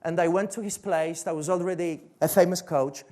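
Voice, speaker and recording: A man's voice: on the high side, steady tone, brisk, darkish tone. A man with a Polish accent giving a motivational stage talk as a coach, pressing his point with rhetorical questions and repetition. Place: stage before a seated audience.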